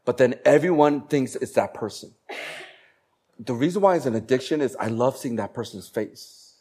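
A man preaching a sermon as a pastor, slowing down to stress key phrases and growing animated when he tells stories. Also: medium pitch, slightly rough. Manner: animated storytelling, bursts of laughter and acted voices; slows down for emphasis on key phrases.

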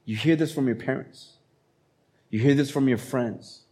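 A man preaching a sermon as a pastor, speaking in a conversational, animated way and acting out quotes. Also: mid-range voice, normal speed.

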